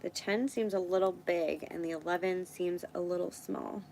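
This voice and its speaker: A woman's voice: lowish voice, steady tone, moderate pace, gravelly, a little mellow, slight background noise, rough recording. A woman hosting a casual live stream, thinking aloud as she works and chatting with viewers. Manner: thinks aloud while working, chats with viewers.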